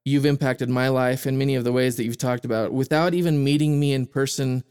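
A man's voice: medium pitch, steady tone, a little mellow, smooth. A man hosting a podcast who talks casually, often hesitating and restarting with fillers. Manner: hesitant, halting, with many fillers. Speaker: podcast host.

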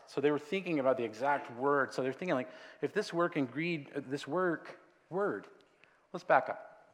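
A man's voice: a little high, long reverb tail. A man preaching a conversational sermon as a pastor, with joking asides.

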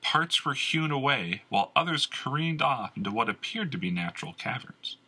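A man narrating a fantasy novel in a measured, expressive scripted read. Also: medium pitch, husky. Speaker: audiobook narrator.

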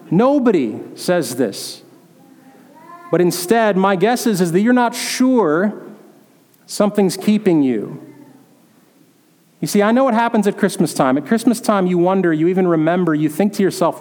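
A man with a high voice preaches a storytelling sermon, now and then slipping into the voices of the people he describes. His words ring out with a long reverb from the church hall around him. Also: lively intonation, moderate pace, long pauses, a little mellow. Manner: storytelling, acts out quoted voices. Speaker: pastor.

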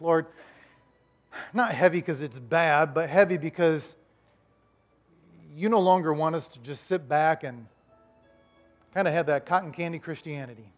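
A man's voice: fairly high pitch, a little slow, long pauses. A male pastor preaching a sermon, telling a humorous story and repeating lines for emphasis. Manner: repetitive emphatic phrasing.

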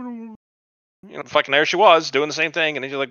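This podcast co-host speaks fairly quickly in a slightly high, smooth voice, captured lo-fi with no echo. Full of profanity, he gives a blunt, lively recap of TV show scenes and pokes fun at them.

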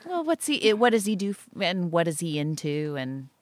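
A middle-aged woman leads the interview with a chatty, encouraging manner and keeps prompting with short affirmations. Her voice sits low for a woman. The sound is dry and close. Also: sing-song, moderate pace, dry recording. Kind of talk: casual interview.

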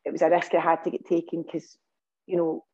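A Scottish woman speaks as a podcast guest, recounting events earnestly with plenty of ums and restarts. Her voice sits low and stays fairly level, with a warm, mellow tone. The recording sounds a little dull and lo-fi. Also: monotone, brisk, breathy edge. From Scotland. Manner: earnest storytelling with many fillers and restarts. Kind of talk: casual interview talk.

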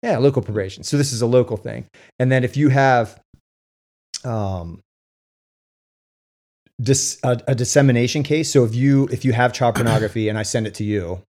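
A man explaining sentencing in casual talk, halting and full of fillers and restarts. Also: medium pitch, a little mellow. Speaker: co-host with legal case experience. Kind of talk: casual discussion.

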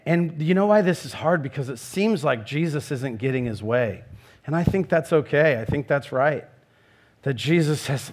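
A man's voice: on the high side, animated, normal speed. A middle-aged man preaching a sermon in an earnest way, rising into emphatic questions. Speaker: pastor.

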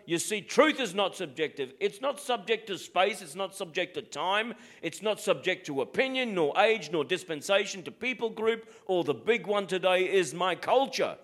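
A man's voice: sits high, a bit bright. A middle-aged Australian man preaching a sermon as pastor, in a plain-spoken, direct way.

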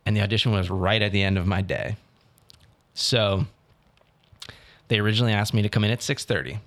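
A man's voice: lowish voice, fairly quick. Casual young man telling a story. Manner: animated storytelling, swearing, quoting others. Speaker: actor telling about auditions. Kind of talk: casual chat.

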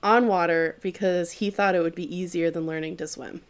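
A woman's voice: fairly low pitch, steady tone, brisk, smooth. Chill woman chatting on a podcast, swears a lot, laughs while telling the story. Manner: laid-back, swears casually, laughs while retelling. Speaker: podcast co-host. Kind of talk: casual chat recapping an anime.

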